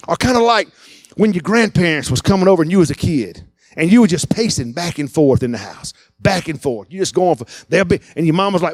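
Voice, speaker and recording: A man preaching a sermon, animated and acting out the voices he quotes. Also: sits high, a little fast, dry recording, clean studio sound. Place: church.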